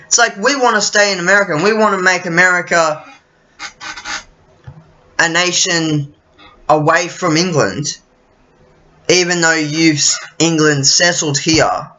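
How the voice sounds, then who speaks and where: A man's voice: on the high side, steady tone, unhurried, long pauses, bright, forceful tone. A man rambling casually to camera, often losing his thread and swearing freely. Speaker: vlogger. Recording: dull lo-fi recording.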